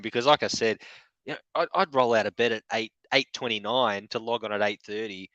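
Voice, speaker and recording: Cheeky man with a bright edge. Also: medium pitch, fast talker, no echo, muffled recording. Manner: laughs often, joking and cheeky, swears freely. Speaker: co-host. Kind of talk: casual chat.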